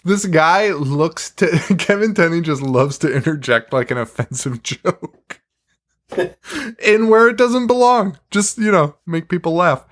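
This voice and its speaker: Male podcast host, casual, profane, laughs a lot, voice sits a bit high. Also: lively intonation, a little slow, a bit bright. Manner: laughs often, profane, wry. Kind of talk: casual chat.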